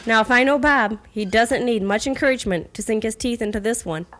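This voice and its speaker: A woman's voice: fairly high pitch, fairly quick, fairly bright tone. Woman walking through a rabbit recipe. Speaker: cooking segment host. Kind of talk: scripted recipe narration.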